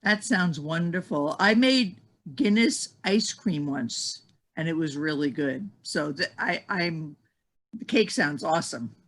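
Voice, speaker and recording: A man's voice: on the high side, takes it slowly. A man telling a funny story in a casual group chat, acting out the voices. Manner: animated storyteller, acts out voices.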